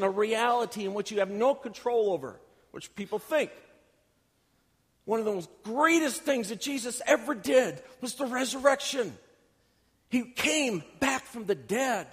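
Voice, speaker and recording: High-voiced male preacher in echoing church. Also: a bit bright, breathy edge. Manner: emphatic storytelling preacher, acts out quotes. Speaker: pastor. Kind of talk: sermon. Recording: long reverb of a church hall.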